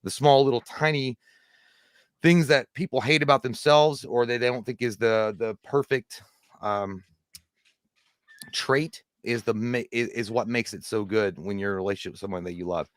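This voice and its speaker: A man's voice: mid-range voice, fairly even intonation, normal speed, dry recording, clean studio sound. A man co-hosting a livestream, rambling casually about movies, swearing and laughing often. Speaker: co-host.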